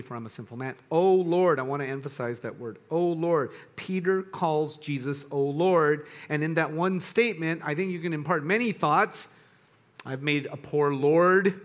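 Man preaching a relaxed conversational sermon. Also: on the high side. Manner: conversational, searching for words with restarts. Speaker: pastor.

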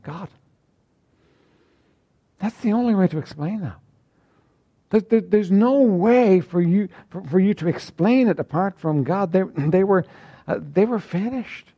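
A male pastor preaching a sermon, reading scripture aloud and then retelling it in everyday words. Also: dark tone. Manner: reads King James scripture then paraphrases it in plain talk; preaching, rising high and emphatic at points.

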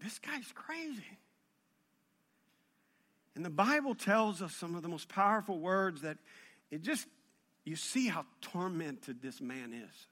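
A man preaching with a high, bright voice. He tells the story with humor, and his delivery keeps building in intensity as he goes. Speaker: pastor. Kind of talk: sermon.

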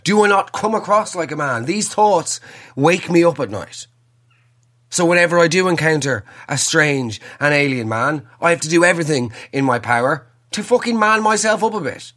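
A man's voice: on the high side, a bit bright. A man hosting a podcast, delivering a wry, self-mocking, rambling comedic monologue. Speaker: podcast host.

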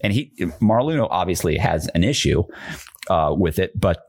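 A man telling blunt, profane stories on a podcast. His voice sits low but swings widely as he acts out other people's lines. The talk is loose and casual. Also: big pitch swings, moderate pace, creaky, breathy edge. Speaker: podcast guest. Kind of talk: casual storytelling. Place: podcast studio.

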